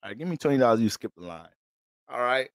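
A man's voice: mid-range voice, animated, fast talker, dry recording. A man giving a casual astrology reading. He talks in a slangy, rambling, joking way.

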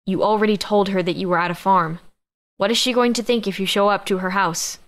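A woman's voice: mid-range voice, steady tone, brisk, lightly acted. A protective young brother speaks, as a woman reads him in a mid-range voice. His tone stays stern and lecturing, like an older sibling laying down rules. It sounds like an audiobook reading.

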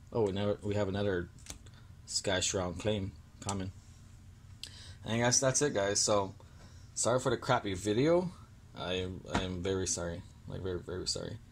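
A man's voice: lowish voice, slight background noise. A young man hosting a casual card-opening vlog, sounding annoyed and apologetic as he stumbles over card names. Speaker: card-opening video host.

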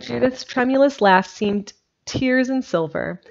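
A woman reads an old storybook aloud, gentle and expressive in her delivery. Her voice sits at a middle pitch. The sound is dull and lo-fi, like a simple home setup. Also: moderate pace. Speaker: narrator. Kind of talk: storybook reading.

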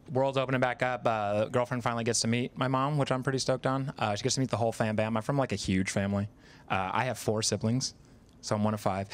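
Rambling stand-up comedian, man. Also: mid-range voice. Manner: conversational, self-deprecating, frequent fillers. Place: live comedy stage, in front of an audience.

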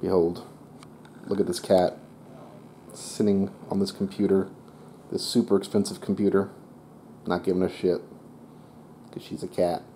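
A man's voice: low-pitched, level tone, unhurried, long pauses, warm tone. A man co-hosting a casual unboxing vlog, joking around, swearing casually and exaggerating his complaints. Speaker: co-host unboxing a computer. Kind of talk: casual chat. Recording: echoey room with faint noise.

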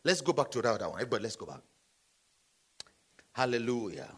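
A man, a pastor, preaching a midweek sermon in church, calling on the congregation to answer and bursting into shouts. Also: mid-range voice, big pitch swings, rapid-fire, husky. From Nigeria. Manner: preaching with sudden shouts and call-and-response.

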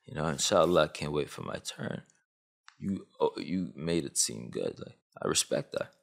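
A man's voice: moderate pace, creaky. A man in his twenties from Canada, a YouTuber delivering a comedic, slangy commentary rant. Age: 20s. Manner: animated, swooping pitch, slangy.

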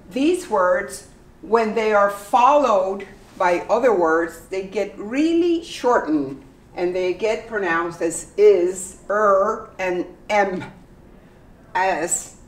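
A woman's voice: medium pitch, animated. Woman teacher going over pronunciation, repeats every example, sounds a bit far off in a roomy echo. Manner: slow, repeats example sentences carefully. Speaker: English teacher. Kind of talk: pronunciation lesson. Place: library. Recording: echoey room, voice from the mic's distance.

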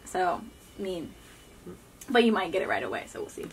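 A young woman vlogger playing a whisper guessing game, giggly and animated, sometimes dropping to a whisper. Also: on the low side, normal speed, slight background noise. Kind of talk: casual party game chat.

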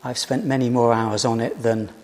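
A British man preaching a sermon in a church, telling the story in a measured way and posing rhetorical questions. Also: mid-range voice, fairly even intonation, darkish tone. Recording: reverberant church hall.

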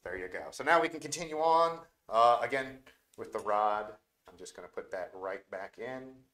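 A man working as a repair technician, demonstrating step by step in a relaxed, joking way while he works with his hands. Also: mid-range voice, normal speed, roomy sound. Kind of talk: live instructional demo with banter.

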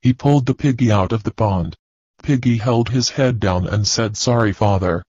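A man teaching, reading a children's story and class activities aloud slowly and deliberately. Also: medium pitch, a little mellow, no echo. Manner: slow, deliberate, clear reading. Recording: dull, dry lo-fi recording.

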